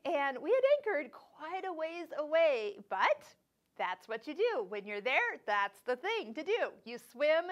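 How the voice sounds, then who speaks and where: On her sewing channel, a woman tells a travel story in a chatty vlog, laughing often and acting out what people said. Her high voice moves unhurriedly with big swings in pitch.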